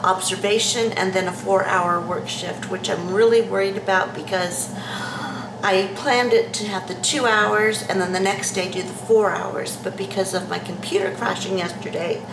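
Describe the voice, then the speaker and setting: Woman vlogger, unhurried and hesitant delivery, echoey room with faint hiss. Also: medium pitch. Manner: halting, with many fillers and restarts. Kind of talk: casual vlog talk to camera.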